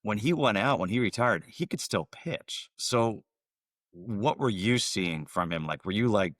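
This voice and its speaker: A man's voice: on the low side, animated, measured pace, fairly bright tone, no room sound, clean studio sound. A man hosting a podcast, asking questions in an upbeat, eager manner. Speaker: podcast host. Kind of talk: casual interview.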